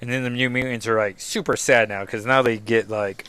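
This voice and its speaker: Podcast dude rambling through a comic recap, um and like everywhere, smooth voice, dry close mic. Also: male voice, medium pitch, steady tone, brisk, hardly any pauses, fairly bright tone, no echo. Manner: rambling, many fillers like 'like' and 'um'. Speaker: podcast host. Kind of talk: casual comic book recap.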